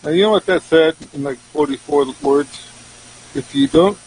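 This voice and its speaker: An older man co-hosting a talk radio show, gruff and joking, often laughing. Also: a little high, normal speed, darkish tone, rough recording. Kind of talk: casual talk radio banter.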